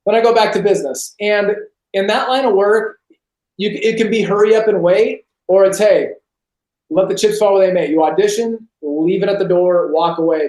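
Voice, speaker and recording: A man, a podcast guest on a video call, telling a personal story in an animated way and acting out the voices of others. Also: high-pitched. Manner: animated, acts out quoted voices. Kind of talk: storytelling testimony. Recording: roomy echo on a video call.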